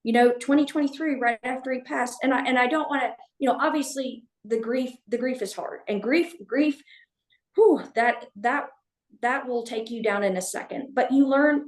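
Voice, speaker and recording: Halting, candid woman in an echoey room. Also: fairly high pitch. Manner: halting, with frequent restarts and fillers. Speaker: podcast guest, veterinarian. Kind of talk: candid conversational storytelling.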